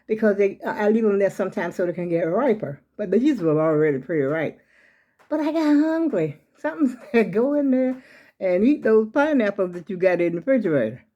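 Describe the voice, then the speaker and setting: Older woman, casual phone vlog, rambling, says y'all a lot, warm mellow tone, home room. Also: on the high side, dull audio. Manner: chatty, rambling, talks straight to viewers as "y'all". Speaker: vlogger.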